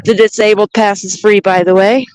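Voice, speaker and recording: A woman's voice: mid-range voice, fairly even intonation, normal speed, darkish tone, smooth, dry recording, poor audio. A woman vlogging outdoors on a mountain trail, chatting and thinking aloud into a handheld camera as she hikes. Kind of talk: casual walking vlog narration.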